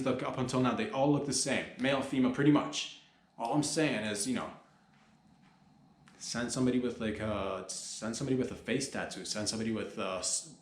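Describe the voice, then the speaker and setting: A man rambles through a comedy podcast monologue, slipping between loose slang-heavy riffs and loud mock-alarmed shouting. His voice sits at an ordinary middle pitch, and the room around him rings with a noticeable echo. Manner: animated, mock-alarmed outbursts, profane slang.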